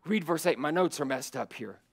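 A middle-aged male pastor delivers a sermon in a church sanctuary. His voice sits a little high for a man and swings between loud, emphatic climbs and hushed, close asides. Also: lively intonation, a little fast, gravelly, husky.

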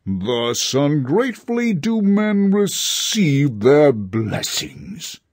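A man's voice: a little high, very animated, very slow, a little mellow, a little hiss or hum, heavily acted. A man reading a storybook voices a reproachful plane tree that scolds ungrateful travelers. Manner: reproachful, preaching.

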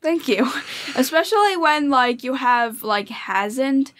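A woman co-hosting a podcast chats casually but hesitantly, filling her speech with fillers and restarts. Her voice is high-pitched and fairly bright, with lively intonation and a slow pace.

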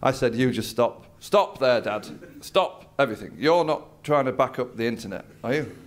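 Speaking at medium pitch and a moderate pace, a stand-up comedian tells an expressive story in his routine, playing out his dad's lines. He performs at a comedy venue before a live audience.

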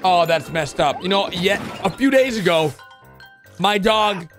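A man hosting a reaction video, giving excitable, exclamatory commentary on animated clips and calling out to viewers. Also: high-pitched, unhurried. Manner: excitable, exclamatory, talks to viewers as "bro" and "guys". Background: music.

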